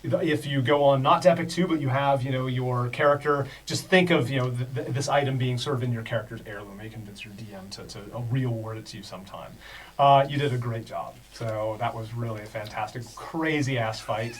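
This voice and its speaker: A man acting as game master who wraps up a session in a relaxed, rambling way with many fillers. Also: medium pitch, a little fast, recorded from a distance, rough recording. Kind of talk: running a tabletop game.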